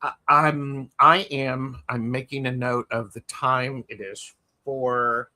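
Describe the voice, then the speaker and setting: Co-hosting a tarot livestream from his home via video call, a man chats casually and playfully, frequently starting his sentences over. He speaks slowly at medium pitch with a level tone, and his voice sounds pushed and bright.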